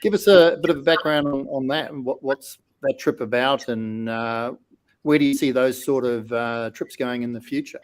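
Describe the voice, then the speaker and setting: A man with an Australian accent, co-hosting a casual podcast and asking easygoing, halting questions. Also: medium pitch. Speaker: podcast co-host.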